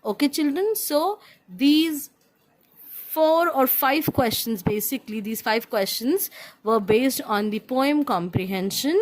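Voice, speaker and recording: A woman with an Indian accent teaching a class of young children, patiently repeating instructions, spelling words out and switching between English and Hindi. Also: on the high side. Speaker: primary school teacher.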